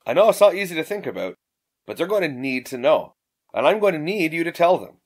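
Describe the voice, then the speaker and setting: A man's voice: a little high, very animated, a little fast. A man voicing a brash, swearing young woman adventurer in an audiobook. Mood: urging. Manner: blunt, swearing, impatient.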